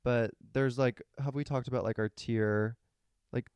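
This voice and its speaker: A man co-hosting a podcast in casual, sassy, animated chat, reading listener questions aloud and reacting to them. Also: mid-range voice, measured pace, clear, resonant tone, no room sound. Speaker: podcast co-host.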